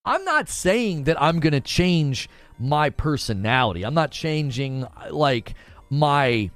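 Animated man hosting a gaming show. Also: a little high, takes it slowly, no echo, faint music behind. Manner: animated, talking back to chat. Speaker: gaming news show host. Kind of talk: casual livestream talk.

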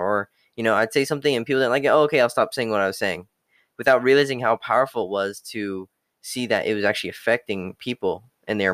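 A man's voice: mid-range voice, fairly bright tone, no room sound, clean studio sound. A young man giving a blunt, profane motivational rant, repeating catchphrases like okay and the hard truth. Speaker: self-improvement talker.

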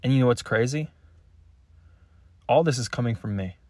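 A man delivering a frustrated, halting, blunt confessional message as a spiritual content creator. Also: mid-range voice, warm tone, no room sound.

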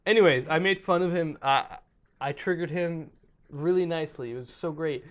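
A man's voice: on the high side, moderate pace. A man co-hosting a podcast in casual chat, joking and swearing, laughing often. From born in Germany, raised in the US South. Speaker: podcast co-host.

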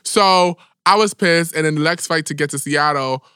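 A young man co-hosting a podcast, telling a story in animated, dramatic casual chat full of swearing. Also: a little high, normal speed, clean tone, no echo, studio quality. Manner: animated, dramatic, heavy cursing. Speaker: podcast co-host.

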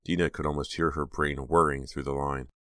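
A man narrating an audiobook in a steady, suspenseful reading. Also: rumbling low, a little fast, no echo, studio quality. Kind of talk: scripted narration.

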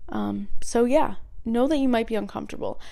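A woman's voice: a little high, fairly quick, vocal fry, mellow, no room sound. A young woman talking casually about meditation, chatty and rambling, often correcting herself. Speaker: meditation podcaster. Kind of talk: casual solo talk.

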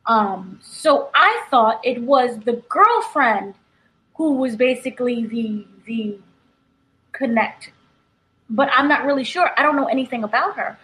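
A woman's voice: a little high, expressive, measured pace, fairly bright tone, rough recording. A woman co-hosting a casual TV recap chat, giving blunt, opinionated takes. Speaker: podcast co-host.

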